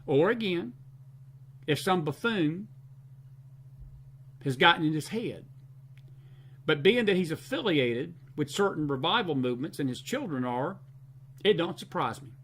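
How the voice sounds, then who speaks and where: High, bright-voiced Southern American man hosting. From Southern United States. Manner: emphatic, repeats phrases for stress. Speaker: host. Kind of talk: late-night live-stream talk, reading viewer comments.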